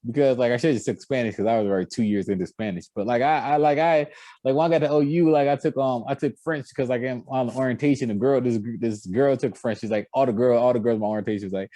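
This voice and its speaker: A young man co-hosting a casual sports podcast, talking in an animated, laughing way with a jumpy pitch. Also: quick pace, dry recording. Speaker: podcast co-host.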